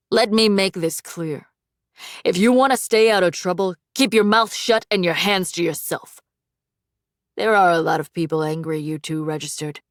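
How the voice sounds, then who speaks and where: A woman's voice: on the low side, no echo, clean studio sound, lightly acted. A woman doing a sneering bullying young man. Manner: mocking, threatening.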